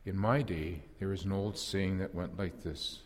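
A man's voice: low voice, fairly even intonation, normal speed, long reverb tail. A man playing an impulsive apostle fisherman in a first-person dramatic monologue, telling his story earnestly and reflectively with wry self-deprecation.

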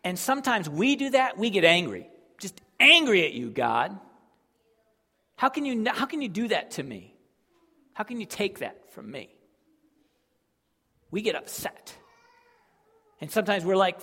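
A male pastor preaching a sermon, emotive, swinging between loud emphasis and quiet, with sighs. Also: high voice, sing-song, unhurried, pauses often, husky, in a large hall.

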